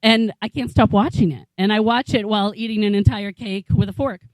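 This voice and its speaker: A woman's voice: mid-range voice, fairly even intonation, fairly quick, no room sound, poor audio. A woman in her forties doing a stand-up comedy set in a small bar, rambling and incredulous, swearing freely. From New England, USA. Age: 40s. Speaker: stand-up comic.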